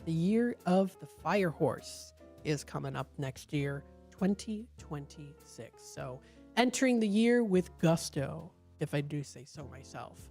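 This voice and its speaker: Woman radio host, mellow warm tone, lowish voice, casual article read-through with stumbles, studio mic. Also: measured pace, gravelly, faint music behind. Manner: relaxed, stumbling reading with fillers and restarts. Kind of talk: casual radio talk, reading an article aloud. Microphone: studio microphone.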